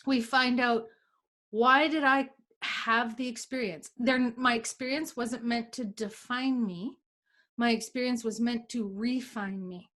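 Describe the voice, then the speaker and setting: A woman's voice: on the high side, steady tone, unhurried, fairly bright tone. A middle-aged woman, a healer, teaching in a casual conversation, acting out inner dialogue as she explains and laughing often. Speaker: energy healer guest.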